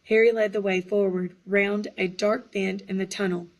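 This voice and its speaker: Gravelly woman reading a storybook. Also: mid-range voice, little pitch movement, normal speed, rough recording. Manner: hushed, suspenseful, small slips corrected. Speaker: audiobook reader. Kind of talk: storybook narration.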